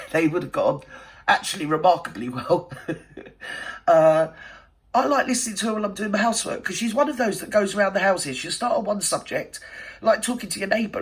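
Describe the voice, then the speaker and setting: A man's voice: fairly high pitch, slightly rough. A man voicing a brash, gossipy older widowed woman, rambling and indignant in a satirical monologue. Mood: fond, chatty. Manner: rambling, indignant, threatening, full of fillers. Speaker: satirical channel host.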